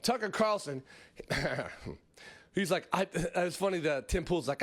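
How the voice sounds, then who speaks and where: A man hosts a comedy podcast in a loose, rambling monologue. He talks in a high voice with a lot of swing in it. He laughs often and drops mocking asides. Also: lively intonation, takes it slowly. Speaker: podcast host.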